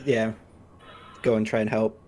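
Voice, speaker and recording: A man playing a tabletop role-playing game, describing his character's actions in a relaxed, rambling way with lots of "like" and "you know". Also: lowish voice, measured pace. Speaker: player. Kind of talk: casual tabletop play.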